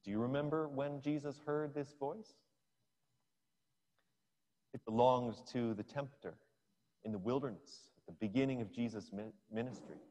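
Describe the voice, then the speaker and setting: A man's voice: medium pitch, moderate pace, pauses often, dark tone. A male preacher giving a sermon, retelling a scripture scene as a story for his listeners. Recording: long hall reverb.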